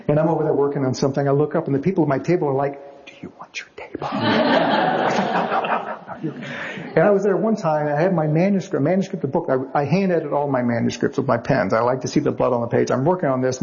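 Gravelly-voiced man telling lively stories. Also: fairly high pitch, very fast, hardly any pauses, dull audio. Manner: lively storyteller acting out quotes. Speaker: novelist guest. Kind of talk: anecdotal interview storytelling.

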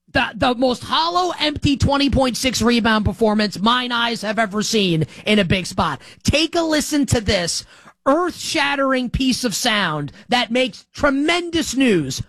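Sarcastic sports talk host, dry sound. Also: male voice, very high-pitched, no room sound. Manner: sarcastic, animated. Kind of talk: sports opinion monologue.

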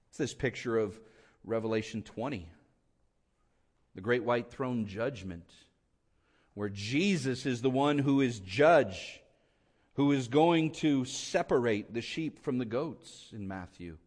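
A man preaching a sermon with impassioned swings between loud emphatic lines and quiet hushed ones. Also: mid-range voice, animated, measured pace. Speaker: pastor.

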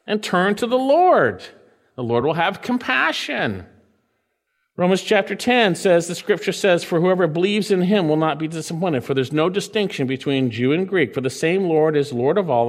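A pastor preaching a sermon, swinging between loud and soft and slowing down to stretch out quoted scripture. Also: male voice, sits high, in a large hall.

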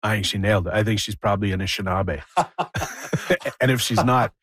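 A man's voice: on the low side, a little fast, a bit bright, husky, dry recording, studio quality. A man from Northwestern Ontario, a guest in an interview, joking and laughing as he talks.

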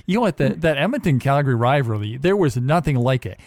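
A man's voice: mid-range voice, expressive, fast, a little mellow, no room sound, studio quality. A man hosting a podcast, interviewing a guest with short encouraging responses. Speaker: podcast host.

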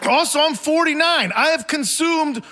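Pitched extremely high, the man's bright, forceful voice moves at a normal speed. He's a stand-up comedian in his forties, laughing through a wandering, self-mocking routine on a theater stage in front of a live audience.

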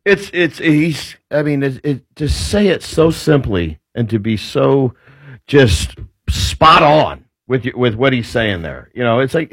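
Husky, animated male radio co-host. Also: mid-range voice, a little slow, dry recording. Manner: rambling, exasperated, often restarts. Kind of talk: talk radio commentary.

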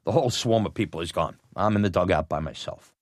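A middle-aged man telling a personal story, animated and laughing often, acting out what others said. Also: low-pitched, quick pace, no echo. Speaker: storyteller, former batboy. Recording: music bed under voice.

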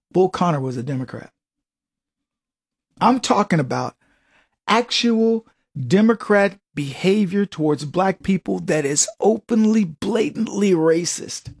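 A man's voice: high voice, a little mellow. A middle-aged man delivering an emphatic, sarcastic opinion monologue as a political commentator, chuckling at his own jokes.

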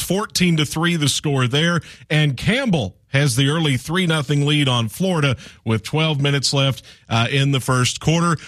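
A man anchoring a radio sports scoreboard update, brisk with small fillers between scores. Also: a little high, fairly bright tone, no room sound, studio quality.

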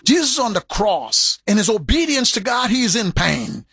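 Gravelly, lively high-pitched preacher man. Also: normal speed, dry recording. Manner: animated preaching with sharp swings in pitch and pace; repeats words for emphasis. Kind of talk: sermon.

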